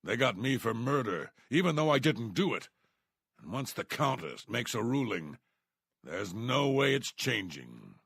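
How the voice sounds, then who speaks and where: A man's voice: mid-range voice, very animated, unhurried, creaky, fairly bright tone, breathy edge, no echo, clean studio sound, heavily acted. An actor voicing a bitter, jailed male thief who plots revenge, in a resentful, conspiratorial tone, from a fantasy video game.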